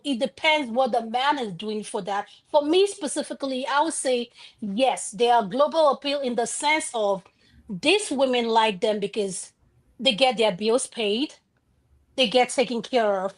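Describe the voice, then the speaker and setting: A woman's voice: a little high, moderate pace. A woman on a talk panel giving her opinions directly and firmly.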